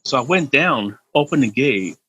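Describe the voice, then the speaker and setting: A middle-aged man, a podcast guest, telling a story in a casual, animated way, laughing and swearing freely and often repeating words. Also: mid-range voice, moderate pace, lo-fi sound, a little hiss or hum.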